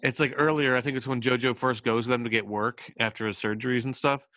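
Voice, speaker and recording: A man's voice: medium pitch, steady tone, fast, pushed and bright, no room sound. A man hosting a podcast in casual chat, rambling with lots of fillers and laughing often. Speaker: podcast host.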